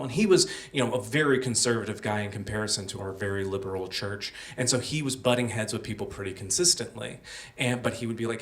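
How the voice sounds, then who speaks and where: A young man tells a personal story to a live audience. He speaks casually, with a self-deprecating tone and frequent fillers. His voice sits at a middle pitch, and the stage mic sounds a little distant. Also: fast talker, fairly bright tone.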